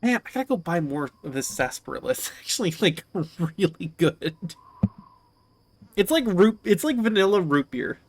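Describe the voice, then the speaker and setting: A man streaming a game live and chatting casually with his viewers, chatty and excitable and quick to swear. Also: sits high. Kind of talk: casual live-stream chat while gaming.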